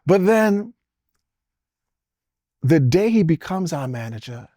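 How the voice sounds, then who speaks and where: A man's voice: fairly high pitch, sing-song, slow pace, warm tone, no room sound, studio quality. Rambling Caribbean-born man telling stories. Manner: rambling, jumps between topics, chuckles often. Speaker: interview guest. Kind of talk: casual storytelling interview.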